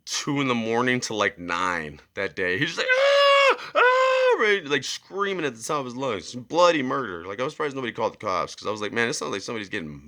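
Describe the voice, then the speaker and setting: A man's voice: medium pitch, fast talker, few pauses. A young man rambling through a story in a casual monologue, often asking "right?". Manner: animated, acts out screams and quotes. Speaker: vlogger.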